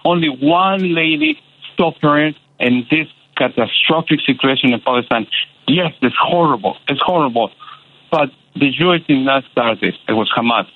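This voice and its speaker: Calling into a radio show on a tinny line with a bit of hiss or hum, this man has a mid-range, animated voice. His delivery is impassioned but faltering, thick with repeated fillers.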